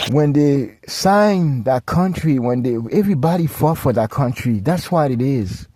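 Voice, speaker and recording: A man's voice: on the high side, warm tone, no echo, clean studio sound. Agitated rambling male podcast host. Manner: agitated, rambling, many restarts and asides. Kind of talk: ranting solo commentary.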